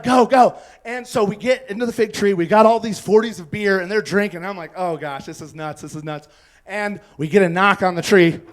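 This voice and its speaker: High-voiced man telling a stand-up story. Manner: rambling, laughing at his own story. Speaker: stand-up comedian. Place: comedy club stage.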